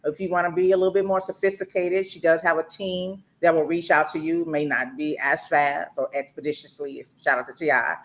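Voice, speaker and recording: A woman's voice: low-pitched, fairly even intonation, brisk, few pauses. A woman hosting a talk show, chatty and loose, with many fillers. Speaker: radio show host.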